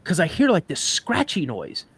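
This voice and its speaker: A man telling a personal story on a live podcast, animated, acting out sounds and voices as he goes. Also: sits high, normal speed, husky.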